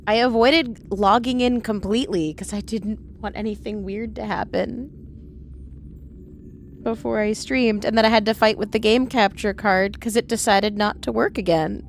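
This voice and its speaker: A woman's voice: mid-range voice, a little slow. A woman live-streaming a video game, chatting casually and talking to her pet as she plays, with faint game music underneath.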